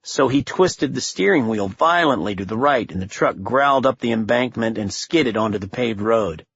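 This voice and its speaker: A man narrating a thriller audiobook in a steady, measured voice, from a slightly dull recording. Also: medium pitch, husky, dry recording. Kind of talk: scripted narration.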